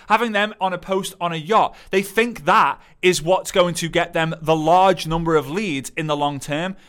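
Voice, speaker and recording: A man giving an animated motivational talk, acting out quotes in playful voices. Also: sits high, smooth. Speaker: motivational speaker.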